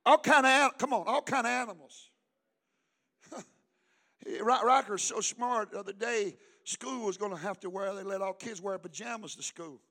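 High, bright-voiced preacher man. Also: moderate pace. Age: older. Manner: preachy call-and-response, swings from hushed to shouting. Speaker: pastor. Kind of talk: sermon.

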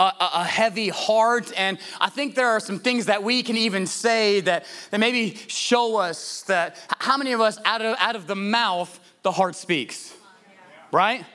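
Pastor, male, high and bright, conversational sermon delivery with restarts. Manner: conversational preaching with frequent restarts and rhetorical questions.

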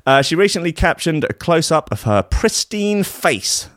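A man's voice: fairly high pitch, very animated, a little slow, hardly any pauses, fairly bright tone, dry recording, clean studio sound. A man hosting a streamed comedy show, ranting sarcastically and swearing in exasperation. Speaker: host.

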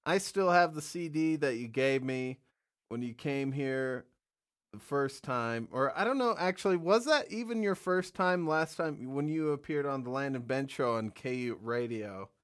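A man's voice: medium pitch, lively intonation, moderate pace, fairly bright tone. Male host, playful interviewer, clean resonant voice. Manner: joking, playful. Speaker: podcast host. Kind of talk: casual interview chat.

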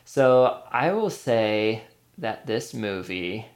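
Gravelly-voiced male podcast host. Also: fairly low pitch, very animated, extremely slow. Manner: playful quizzing, chatty. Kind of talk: casual movie podcast chat.

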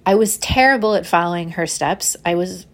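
A woman's voice: fairly low pitch, normal speed. Chatty woman telling a story. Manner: laughs often, swears casually, animated. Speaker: podcast host. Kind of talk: casual storytelling.

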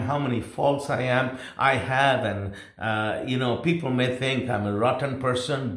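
A man preaching a sermon, repeating phrases emphatically, swinging between loud exclamations and quiet asides. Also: mid-range voice. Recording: roomy echo.

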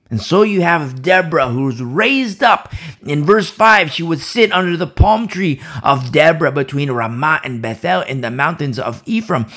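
A man's voice: a little high, a bit bright, slightly rough. A man preaching a Bible sermon, emphatic and repeating key phrases for emphasis.

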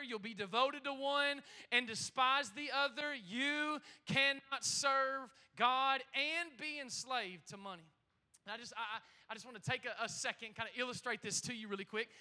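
Male pastor, 30s, energetic sermon to a congregation; high, piercing bright voice, stutter-starts and repeated call-outs.

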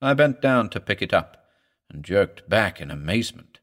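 A man narrating a horror story for an audiobook in a grave, measured, dramatic way. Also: fairly low pitch, sing-song, fairly bright tone.

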